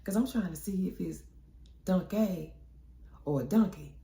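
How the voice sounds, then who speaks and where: Woman doing her giggly gossipy girlfriend, pitched way up, mellow tone, echoey room. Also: unhurried, gravelly. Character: gossipy young woman friend, giggly and unbothered.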